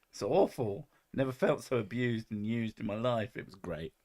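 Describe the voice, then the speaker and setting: A man's voice: medium pitch, normal speed, darkish tone. A man with a London accent hosting a casual chat over whisky, blunt, swearing freely and laughing often. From England. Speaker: podcast host.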